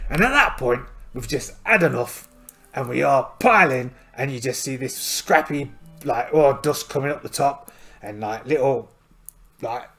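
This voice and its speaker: An animated man with a sharp-toned, mid-range voice speaks unhurriedly as he hosts a solo tabletop game. He narrates in a playful, story-like way and ponders his dice rolls aloud while a faint music track plays.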